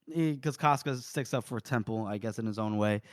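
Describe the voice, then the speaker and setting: A man co-hosting a book podcast, retelling scenes in a lively way and acting out the characters' lines. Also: mid-range voice, brisk, dry recording, studio quality. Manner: animated storyteller who acts out quotes. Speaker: podcast co-host. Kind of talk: casual book-discussion chat.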